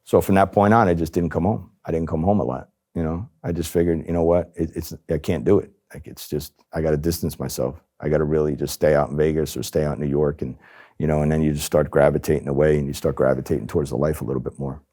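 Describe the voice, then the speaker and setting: Middle-aged man, from New Jersey, low voice, dark tone, interview storytelling. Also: quick pace. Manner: animated, acts out quoted voices. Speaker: former undercover agent.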